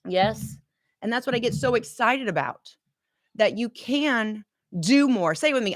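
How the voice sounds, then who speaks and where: A woman in her forties giving an energetic motivational pep talk as coach and host, urging listeners to repeat affirmations after her. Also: fairly high pitch, measured pace, no echo, clean studio sound. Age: 40s. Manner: energetic, exhorting, call-and-response.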